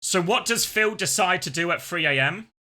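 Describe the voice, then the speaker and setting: A man's voice: high-pitched, lively intonation, normal speed, bright, forceful tone. A man streaming, telling a casual story with lots of laughter and the odd swear word.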